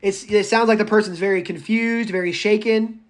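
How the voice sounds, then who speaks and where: A man teaching a public speaking class, lecturing live in a chatty, animated way, talking to students by name and going off on tangents. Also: high-pitched, moderate pace. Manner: goes off on tangents.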